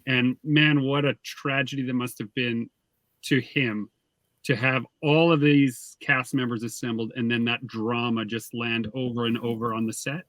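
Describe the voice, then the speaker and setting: A man reviewing a film in a casual chat, dropping wry, deadpan jokes. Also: mid-range voice, normal speed, no room sound.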